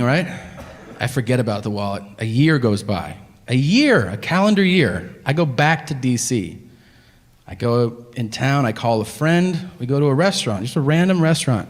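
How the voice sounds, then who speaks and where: A man's voice: mid-range voice, big pitch swings, normal speed. Exasperated, profane male stand-up comedian. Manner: profane, incredulous, exasperated storytelling. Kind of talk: stand-up storytelling. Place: live comedy venue. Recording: live hall reverb, faint room ambience.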